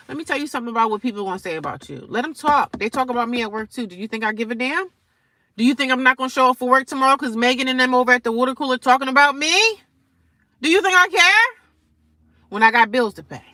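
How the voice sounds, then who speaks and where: A woman in her forties vlogging straight to her viewers, defiant and sarcastic, jumping from loud outbursts to low mutters. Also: rapid-fire, no echo. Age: 40s. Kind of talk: casual direct-to-camera rant.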